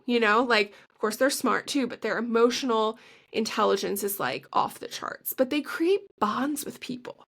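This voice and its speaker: A woman co-hosting a casual podcast, her voice sitting a bit higher than most. She gushes as she talks, packs her sentences with "like" and often breaks into a laugh mid-sentence. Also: fairly bright tone. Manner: chatty and gushing, heavy use of "like". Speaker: podcast co-host. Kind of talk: casual chat.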